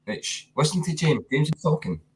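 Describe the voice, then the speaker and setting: Laid-back Scottish man, lively pitch. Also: a little fast. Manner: laid-back, swears casually. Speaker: guest on a livestream. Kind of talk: casual chat.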